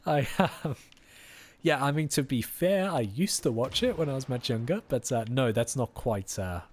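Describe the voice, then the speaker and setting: A man's voice: mid-range voice, lively intonation, unhurried, long pauses, slight background noise. A tired man chatting casually with viewers while streaming a game, easygoing and friendly. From Australia. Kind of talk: casual live-stream chat.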